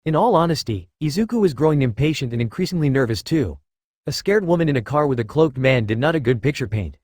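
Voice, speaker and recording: A man's voice: mid-range voice, lively intonation, fast talker, a little mellow, dry recording. Man narrating in a dry, close voice. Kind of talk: scripted narration of fan fiction.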